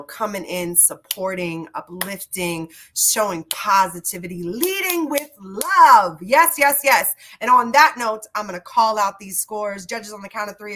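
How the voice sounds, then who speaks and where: A woman's voice: mid-range voice, bright, forceful tone. A woman hosting an online poetry slam in a chatty, upbeat way, reading out scores and drifting into singing. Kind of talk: casual live-stream hosting.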